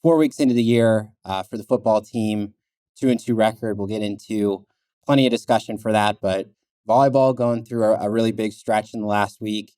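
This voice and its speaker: A man co-hosting a sports podcast, talking in a relaxed, easygoing way with lots of "uh"s and "you know"s. His voice sits low. The close mic gives it a dry sound with no room around it. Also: normal speed, smooth, no echo. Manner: relaxed, filler-heavy, chuckles now and then. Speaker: podcast co-host. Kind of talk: casual sports chat.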